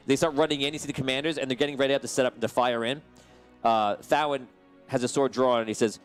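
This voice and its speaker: A man's voice: mid-range voice, fairly even intonation, fast, clean tone, soft background music. A man narrating as game master of a tabletop game, describing the action casually with frequent fillers and restarts.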